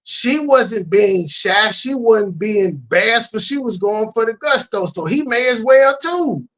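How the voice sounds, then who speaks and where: A man's voice: high-pitched, lively intonation, slow pace, fairly bright tone. A man hosting a reaction commentary, ranting with profane disbelief. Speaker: commentary channel host.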